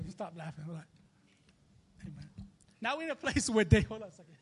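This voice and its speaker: High-voiced young minister in his twenties. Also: sing-song, a little slow, pauses often, a bit bright, husky. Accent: New York. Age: 20s. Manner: conversational, laughs often, many restarts. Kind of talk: casual sermon.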